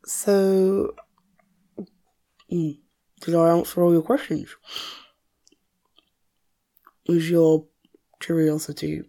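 A woman's voice: on the low side, steady tone, dark tone. A woman, acting a confident, wealthy mother who teases and flirts in a listener-directed audio role-play. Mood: flirtatious. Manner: teasing, self-assured, slow and playful.

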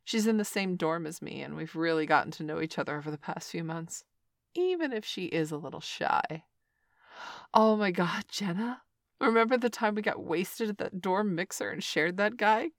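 A young woman in an adult audio role-play, talking in a teasing, bossy way with sighs and soft murmurs. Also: fairly low pitch, no echo, clean studio sound.

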